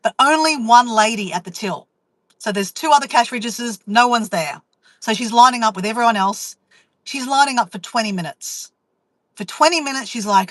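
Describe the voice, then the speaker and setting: A woman chats through a story for her live viewers, slipping into other people's inner voices as she goes. Her voice sits a little high. It is recorded dry and close, with no room sound. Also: moderate pace, no echo, poor audio. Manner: chatty, animated, acts out inner voices. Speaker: vlogger. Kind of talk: casual storytelling to a live chat.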